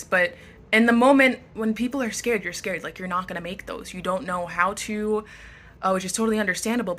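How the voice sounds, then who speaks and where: A woman's voice: medium pitch, pushed and bright. A young woman in her bedroom giving frank, upbeat advice in a casual vlog. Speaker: model and vlogger. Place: bedroom at home.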